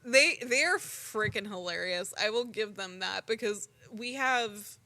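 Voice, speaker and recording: A young woman co-hosting a podcast, telling stories in an animated, casual way full of "like" and the odd swear word. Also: mid-range voice, unhurried. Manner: animated storytelling, frequent "like" and swearing. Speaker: podcast co-host. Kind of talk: casual chat.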